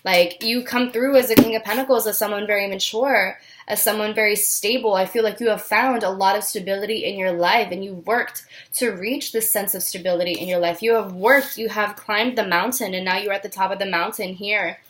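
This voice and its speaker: A woman's voice: medium pitch, steady tone, fairly quick, hardly any pauses, fairly bright tone. A woman giving a casual tarot reading to her viewers, earnest and encouraging, with lots of fillers and restarts, and close to tears. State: near tears, voice catching. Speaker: tarot reader.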